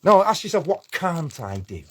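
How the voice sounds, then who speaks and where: A man's voice: on the high side, big pitch swings, normal speed, breathy edge. A man ranting angrily to camera, swearing and confrontational. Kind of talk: angry video rant.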